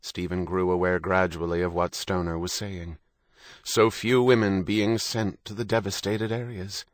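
A man reading a novel aloud in steady, even narration. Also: sits low, moderate pace, no room sound. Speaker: audiobook narrator. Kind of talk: scripted narration.

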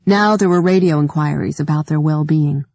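Woman audiobook narrator, dark mellow tone, dry close sound, measured delivery. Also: deep voice, dry recording. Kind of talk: scripted narration.

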